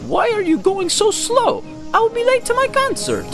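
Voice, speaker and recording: A man voicing a haughty woman opera singer in a shrill falsetto. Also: wildly swooping pitch, normal speed, music in the background, exaggerated voice. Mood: cross.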